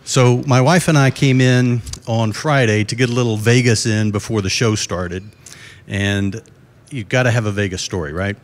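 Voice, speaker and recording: A middle-aged man with a fairly low voice speaks at a normal speed, delivering a keynote live from a conference stage. He tells folksy jokes and puts questions to the audience.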